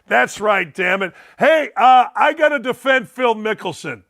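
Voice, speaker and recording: A middle-aged man hosting a sports talk show, loud and fired up, ranting with bursts of shouting. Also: extremely high pitch, expressive, unhurried, vocal fry.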